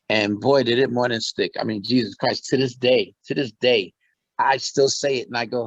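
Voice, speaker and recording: Middle-aged man, interview guest, lively storytelling, dull dry recording. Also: medium pitch, moderate pace, no room sound. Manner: animated, laughs often, acts out quotes. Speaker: interview guest, musician and actor.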